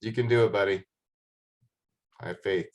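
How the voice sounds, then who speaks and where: A man's voice: on the low side, moderate pace, darkish tone. A man hosting a casual group video call, upbeat and encouraging, greeting people by name. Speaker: host of an online call.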